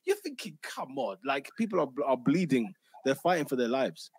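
A man leads a lively football chat, full of slang and quick restarts. His voice sits at an ordinary middle pitch and sounds dry and close. He is talking into a home mic on a video call. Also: husky, no room sound. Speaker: podcast host. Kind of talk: casual football banter.

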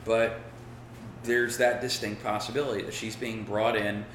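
Relaxed guy shooting the breeze, swears easy, kinda roomy sound. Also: on the low side, normal speed, a little hiss or hum. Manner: laid-back, rambling, swears casually. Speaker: podcast co-host picking fights. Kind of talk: casual chat.

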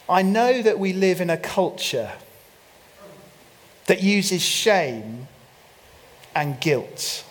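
A man preaching a sermon, telling a story with playful humor and mock French asides. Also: fairly high pitch. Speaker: pastor. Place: church.

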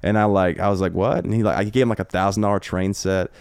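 A man's voice: on the low side, fairly even intonation, creaky, darkish tone, smooth, no echo, studio quality. A man guesting on a casual podcast, telling rambling anecdotes with lots of swearing. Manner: rapid, rambling anecdotes with frequent profanity. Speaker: guest comedian. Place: home podcast room.

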